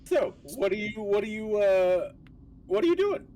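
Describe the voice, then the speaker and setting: A game master narrating a tabletop game on a live stream, playful and quick to laugh. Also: mid-range voice, big pitch swings, dark tone, slight background noise. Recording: distant mic with music behind.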